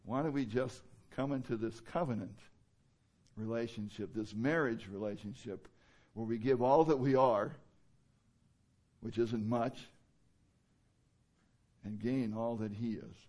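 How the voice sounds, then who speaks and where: A man's voice: medium pitch, unhurried, long pauses, a little mellow. A man preaching a sermon in a conversational way, with many fillers and rhetorical questions. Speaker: pastor.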